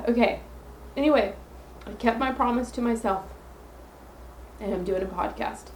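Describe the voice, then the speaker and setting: A woman's voice: a little high, normal speed, a little mellow. Brief: woman solo podcast host, sincere and rambling, phone mic in an echoey room with faint hum. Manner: earnest, rambling with self-affirmations.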